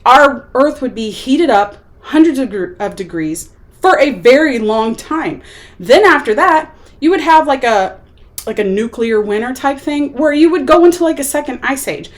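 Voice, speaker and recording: A woman talks through a film she disliked in a casual, exasperated rant. Her voice sits high and leaps around with lively swings. She slips into mocking voices when she quotes people. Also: moderate pace. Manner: animated, exasperated, acts out quotes. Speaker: movie reviewer.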